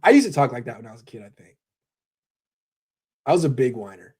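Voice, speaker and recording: A man hosting a casual live sports talk show, brisk, opinionated and jokey. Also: mid-range voice, sing-song, a little mellow, slightly rough.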